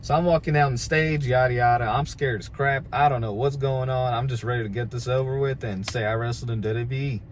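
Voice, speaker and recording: A man's voice: mid-range voice, fairly even intonation, a little fast, few pauses. A man with an ordinary mid-range voice spins a casual, rambling yarn about his wrestling days, self-deprecating and easygoing. He restarts sentences as he goes, and a faint noise sits behind him. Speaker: pro wrestler telling a story. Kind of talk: casual storytelling.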